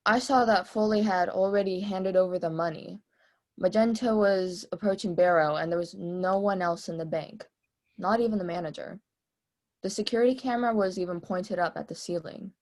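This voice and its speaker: A woman's voice: medium pitch, moderate pace, natural voice. A woman playing a brash young female bank robber, testifying in a casual, streetwise, offhand way over a video call in a mock trial.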